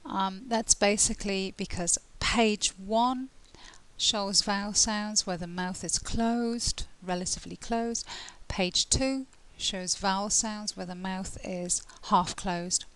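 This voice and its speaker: A woman with an English accent giving a pronunciation lesson, speaking in a clear, deliberate teaching manner and slowing down to spell out examples. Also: medium pitch, a bit bright, poor audio. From England. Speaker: IELTS tutor.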